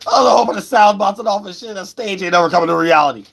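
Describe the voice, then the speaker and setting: A man giving a rambling, profane livestream tarot reading, with sudden shouts and wild swings. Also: high voice, animated, quick pace, hardly any pauses. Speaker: tarot reader.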